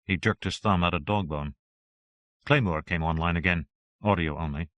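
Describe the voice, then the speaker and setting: Low-voiced man reading an audiobook. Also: normal speed, a bit bright, dry recording. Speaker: audiobook narrator.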